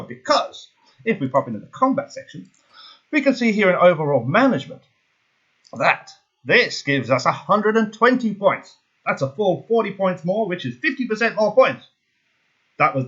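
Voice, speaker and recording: Excitable gaming host, husky voice, dull lo-fi recording, talks through sums aloud. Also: male voice, high voice. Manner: excitable, jokey, thinks aloud while calculating. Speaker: gaming YouTuber. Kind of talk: casual game strategy walkthrough.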